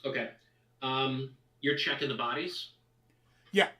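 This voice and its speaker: Bright-voiced man as dungeon master. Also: medium pitch, roomy sound, recorded from a distance, low-quality recording. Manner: casual, halting with fillers. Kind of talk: narrating a tabletop game.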